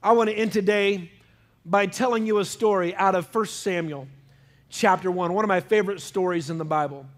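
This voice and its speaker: A man's voice: high voice, a little fast. A man preaching a sermon in a church, emphatic and calling out questions to the congregation. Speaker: pastor.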